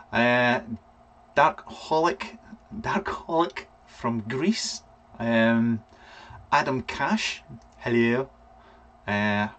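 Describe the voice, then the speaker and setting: A Scottish vape reviewer hosts a casual live vlog, his medium-pitched voice a touch bright. He rambles through viewer names with plenty of ums in relaxed live-stream chat.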